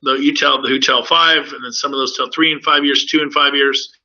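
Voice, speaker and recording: A man's voice: mid-range voice, fairly even intonation, a little fast, bright, forceful tone. A man, a real estate broker, giving an upbeat, persuasive sales presentation to recruits in a webinar. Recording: dull lo-fi audio.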